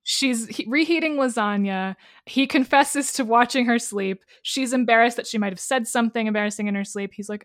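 Female podcast co-host, enthusiastic recapper, slightly high pitch. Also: fairly quick, dry recording, studio quality. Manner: enthusiastic, summarizes chapters. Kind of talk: casual book discussion podcast.

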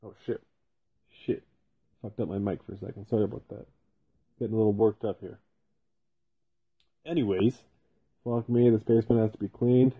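A man's voice: on the low side, steady tone, moderate pace, pauses often, husky. A man hosting a solo podcast from his basement, rambling casually and swearing constantly. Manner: profane, rambling, heavy swearing. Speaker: podcast host. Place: home basement. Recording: tinny phone-like sound.

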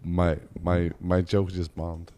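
A man's voice: sits low, monotone, slow pace, warm tone, dry recording. A man hosting a podcast in casual chat, rambling and stammering as he talks. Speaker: podcast host.

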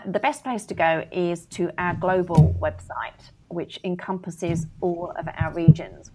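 Gravelly, frank woman. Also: lowish voice. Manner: frank, emphatic, laughs often. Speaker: wedding planning educator. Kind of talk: casual podcast interview.

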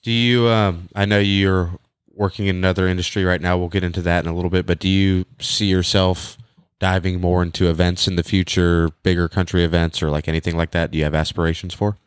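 Deep-voiced podcast host asking loose questions. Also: male voice, little pitch movement, fairly quick, clean tone, no echo, clean studio sound. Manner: easygoing, asks long meandering questions. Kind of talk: casual interview chat.

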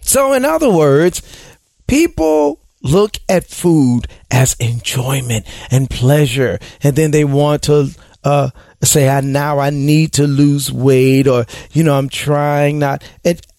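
A man hosting a casual advice talk show, talking in an animated way and slipping into exaggerated impressions of people. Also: a little high, takes it slowly, no echo, studio quality.

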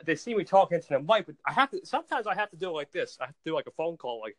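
Speaking very fast with few pauses, a male podcast host with a slightly high voice tells stories in casual chat. He's excitable and animated, often doubling back on his words.

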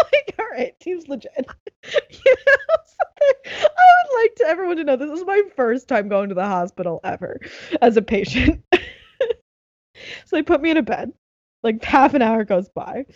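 A young woman telling a story in casual chat, animated and laughing, acting out what others said. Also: high voice, no room sound, dull audio. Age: young adult.

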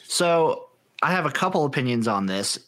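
A man co-hosting a casual sports podcast, talking in a hyped, profane way with quick opinions. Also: mid-range voice, big pitch swings, pushed and bright. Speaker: podcast co-host.

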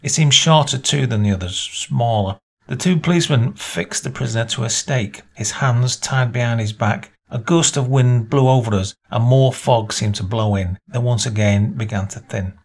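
A man reading a short story aloud as narrator, in a measured storytelling manner. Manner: measured storytelling, voices dialogue with small pitch lifts.

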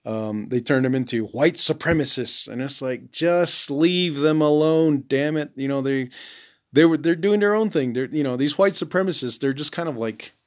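A man's voice: medium pitch, moderate pace. A man hosting a podcast, talking casually in a blunt, profane, rambling way with lots of fillers. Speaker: podcast host. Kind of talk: casual monologue.

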